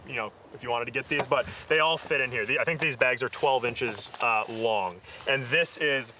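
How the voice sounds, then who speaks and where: With background noise around him, the host of an off-road show talks through his tool kit in a mid-range voice at normal speed. He's casual and upbeat, laughing a lot and leaning on fillers.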